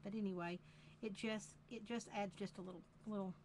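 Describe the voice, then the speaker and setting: A woman with a Southern accent demonstrating a craft project live, talking in an unhurried, chatty way and repeating phrases as she works. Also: medium pitch, fairly even intonation, a little mellow, slight background noise.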